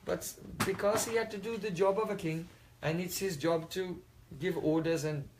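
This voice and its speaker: A man's voice: sits high, fairly even intonation, moderate pace, noisy background. A man telling a religious story in a talk, often checking in with his listeners. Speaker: spiritual teacher.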